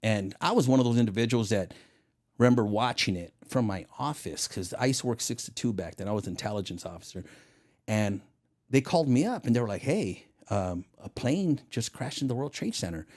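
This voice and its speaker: A middle-aged man spins stories as an interview guest, his pitch rising and falling widely as he acts out every line of dialogue. He speaks at an ordinary middle pitch, loose and casual. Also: fairly quick. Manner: animated, acts out quoted dialogue. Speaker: guest, retired federal agent.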